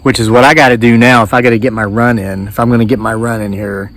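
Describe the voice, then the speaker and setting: A man in his forties with an Appalachian American accent, telling a story in a casual, animated way. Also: mid-range voice, quick pace. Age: 40s. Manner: animated, acts out voices in quotes. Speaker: homesteading vlogger.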